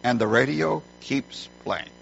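A middle-aged man preaching a sermon as a pastor, emphatic and animated when telling stories. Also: mid-range voice, measured pace, creaky, a little hiss or hum. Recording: dull lo-fi sound.

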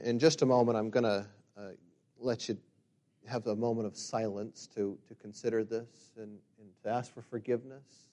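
A middle-aged man preaching a sermon as a pastor. He builds to loud, emphatic peaks and then drops to quiet, reflective passages. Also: mid-range voice. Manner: reads scripture slowly and forcefully.

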